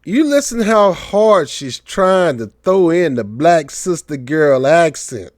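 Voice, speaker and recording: A man's voice: fairly high pitch, slow pace, no echo, clean studio sound. A man giving casual political commentary on his own channel, joking and mocking as he tells stories. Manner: joking, mocking, animated storytelling.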